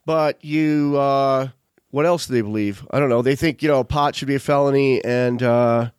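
A man's voice: mid-range voice, moderate pace, a little mellow, clear, resonant tone, dry recording, clean studio sound. A man hosting a show, chatting casually in a rambling, digressive way full of fillers. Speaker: podcast host. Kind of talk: casual chat.

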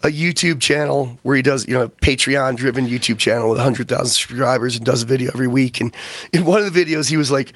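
A man's voice: medium pitch, quick pace, a bit bright, no room sound. A man hosting a talk radio show, telling loose rambling stories and acting out the people he quotes. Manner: rambling storyteller, acts out quotes. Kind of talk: casual talk radio chat.

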